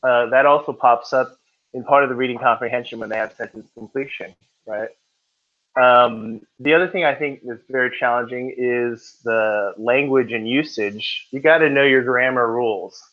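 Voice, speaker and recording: A man's voice: medium pitch, normal speed. A man teaches a roomful of students in a mid-range voice, loose and conversational, slipping jokes in between the lesson points. The classroom recording is muffled and lo-fi. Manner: chatty, joking with students. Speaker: test-prep tutor.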